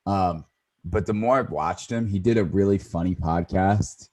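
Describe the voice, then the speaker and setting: A man's voice: deep voice, normal speed, a little mellow, slight background noise. A man in his thirties co-hosting a podcast in casual chat, rambling and often correcting himself. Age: 30s. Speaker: podcast co-host.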